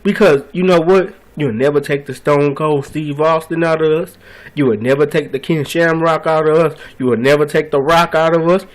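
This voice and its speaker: A man's voice: a little high, low-quality recording. A man delivering an angry, frustrated video rant, full of repeated phrases and profane outbursts. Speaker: vlogger ranting about wrestling.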